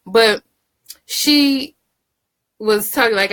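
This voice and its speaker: A woman casually recapping and reviewing a TV drama episode, chatty and candid, with quick asides. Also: medium pitch, fairly bright tone.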